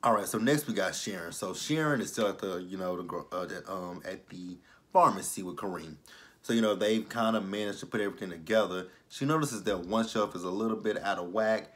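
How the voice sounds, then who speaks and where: A man with a fairly low voice talks through a TV episode in a relaxed, chatty recap. He wanders through his sentences with plenty of fillers and asides, and he sounds like he's just talking to a friend. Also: a little fast. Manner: chatty, loose, with many fillers. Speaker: TV show reviewer.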